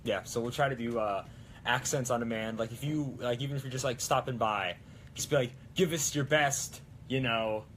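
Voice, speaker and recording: A man's voice: mid-range voice, fairly even intonation, brisk, a bit bright, slight background noise. A young man hosting a prop-building live stream, chatting casually and rambling with plenty of fillers. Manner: rambling, lots of fillers and restarts.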